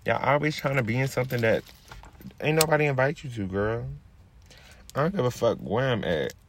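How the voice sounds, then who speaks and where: Expressive and brisk, a podcast host in his twenties launches into a casual, brash, swear-filled rant over slight background noise. He lowers into a mellow murmur while rolling a blunt.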